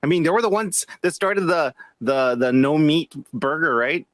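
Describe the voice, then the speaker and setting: Man, podcast co-host, laid-back, swearing, lively pitch, slightly high voice. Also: moderate pace, no echo. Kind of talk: casual profane banter.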